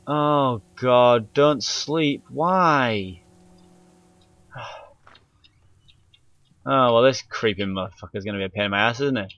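Recorded on a handheld camera's mic with no echo, this YouTuber's medium-pitched, fairly bright voice narrates a horror game. Easily spooked, he keeps cursing and yelping without warning.

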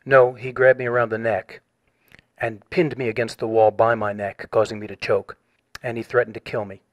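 A man reading out a written complaint on a phone call, measured and formal, turning insistent when pressed. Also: medium pitch, level tone. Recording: dull lo-fi audio.

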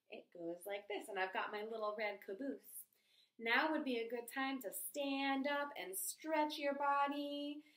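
A woman reading a picture book aloud to children in a gentle, expressive, sing-song way. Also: on the high side. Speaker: children's storyteller. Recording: echoey room.

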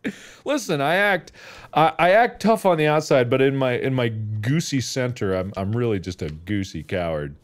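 Wildly animated, slow-talking man. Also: medium pitch, faint music behind. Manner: goofy and excitable, talks to game characters, bursts into shouts and laughter. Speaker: gamer playing a video game. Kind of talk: casual gameplay commentary.

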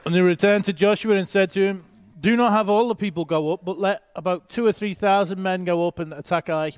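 A man's voice: high voice, a little fast, no echo. A man reading a Bible passage aloud and teaching, with short asides to his listeners.

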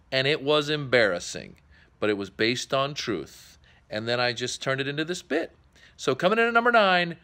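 A man's voice: medium pitch, fairly bright tone. A man casually introducing clips to the camera while lounging on a couch at home. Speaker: host.

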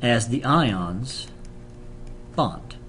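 A man's voice: medium pitch, lively intonation, extremely slow, a bit bright, slight background noise. A man teaching a chemistry lesson on video in a casual, joking way, explaining with fillers and restarts. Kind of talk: classroom lecture video with banter.

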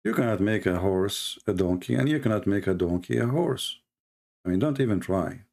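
A man's voice: fairly low pitch, lively intonation, moderate pace, gravelly, darkish tone. A man hosting a live stream. He delivers sarcastic, mocking commentary.

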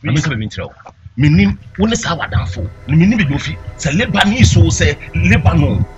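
A stern man with a Ghanaian accent, played by an actor warns a rival off the land. His voice is high and moves a lot, with loud music behind. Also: sing-song, fast, muffled recording. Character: man disputing a land agreement.

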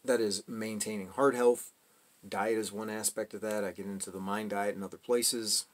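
A man hosting his own channel, explaining a topic to camera in a measured, careful way, adding caveats and correcting himself as he goes. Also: fairly low pitch, little pitch movement. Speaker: channel host.

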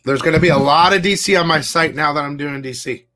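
Excitable profane man hosting a livestream. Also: fairly high pitch, fast, a little hiss or hum. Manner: profane, excitable, reads chat aloud. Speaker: comic shop livestream host. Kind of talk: casual live-stream chat.

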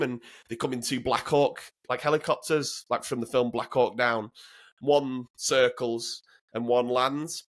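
A man's voice: medium pitch, fairly bright tone. British ex-serviceman, 30s, casual storyteller, plain mid voice, swears freely, laughs through it. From Britain. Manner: blunt, sweary, laughs through his stories. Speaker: guest, former soldier.

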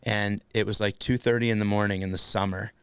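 A man hosting a casual comedy podcast, telling a self-deprecating story with lively energy and acted-out outbursts. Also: lowish voice, fairly quick, smooth, dry recording, studio quality. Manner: animated, self-deprecating storyteller, acts out his own shouts. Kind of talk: casual chat.

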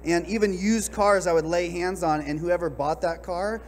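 A man at a church service telling his testimony in an animated, storytelling way. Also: high-pitched, moderate pace, a little hiss or hum. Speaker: guest sharing a testimony.

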